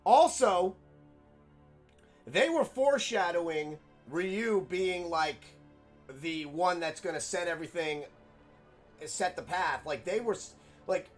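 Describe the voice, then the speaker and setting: Young man, game streamer, excitable, swears, rambling, higher voice, quiet music underneath. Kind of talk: casual let's-play commentary.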